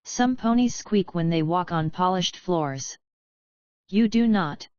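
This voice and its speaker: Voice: mid-range voice, animated, slow, clean tone, no room sound, lo-fi sound. A woman voicing a hyper, party-loving female pony who rattles off lists.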